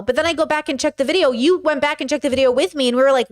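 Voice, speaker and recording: A high-pitched woman talks straight to her viewers in loose, casual commentary. She is chatty and blunt and swears without a second thought. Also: expressive, quick pace, few pauses. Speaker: podcast host reacting to a clip. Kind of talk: casual commentary, reading chat.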